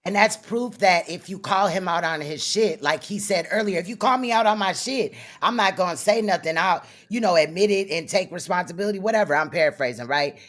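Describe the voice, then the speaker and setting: A man's voice: high-pitched, fairly quick, few pauses, a bit bright. A man hosting a casual commentary chat, laughing often and affirming his points. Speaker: host.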